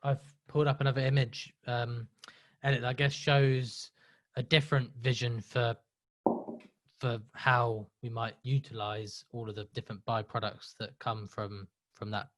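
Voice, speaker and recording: A man's voice: mid-range voice, level tone, measured pace, fairly bright tone, dry recording. A man hosting a live webinar, upbeat and chatty, running a quiz with the audience. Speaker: webinar host.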